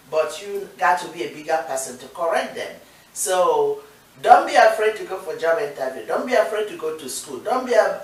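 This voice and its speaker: Nigerian lady cohosting a chat show, earnest and encouraging, sounds far off in an echoey room. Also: on the low side. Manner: earnest, encouraging, repeats points for emphasis. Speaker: co-host. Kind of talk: casual talk-show chat.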